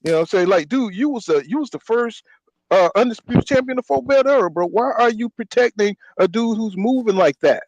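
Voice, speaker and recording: High-voiced man ranting about boxing. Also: animated, brisk, dry recording, highs cut off. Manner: ranting, repeats "you know what I'm saying". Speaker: podcast host. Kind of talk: heated casual boxing talk.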